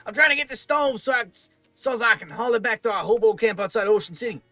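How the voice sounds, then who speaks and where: A man's voice: high-pitched, racing, a little mellow, no room sound, faint music behind, close to an everyday voice. A man voicing a cheerful hobo man in a video game, talking in a folksy, chummy way.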